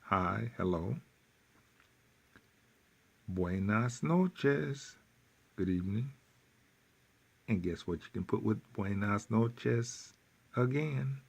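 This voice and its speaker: A man teaching a workbook lesson, repeating phrases slowly with folksy asides. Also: lowish voice, vocal fry, husky. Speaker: Spanish teacher.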